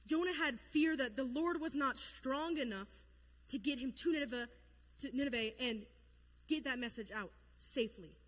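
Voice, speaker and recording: A woman's voice: sits high, moderate pace, in a large hall. Chatty woman teaching a Bible lesson. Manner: chatty, joking, acts out quotes in funny voices. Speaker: youth Bible study leader.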